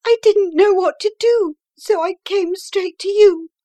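A woman voicing a timid young wife in frantic distress, pleading in a high, breathless voice for an audiobook. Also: unhurried, mellow, no echo. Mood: distraught pleading. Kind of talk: audiobook character voice.

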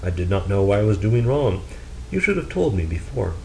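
A man's voice: fairly low pitch, big pitch swings, moderate pace, creaky, warm tone, a little hiss or hum, low-quality recording. A man voicing a scatterbrained, cheerful young wife in a storybook reading, raising his voice to chatter innocent excuses. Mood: excusing.

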